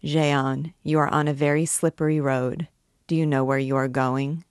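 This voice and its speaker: A grave, gloomy archdeacon in an audiobook reading, low-voiced and admonishing, as a woman reader puts him on. Dry close sound. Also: little pitch movement, moderate pace, smooth, no echo, lightly acted. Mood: warning. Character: stern gloomy middle-aged male archdeacon.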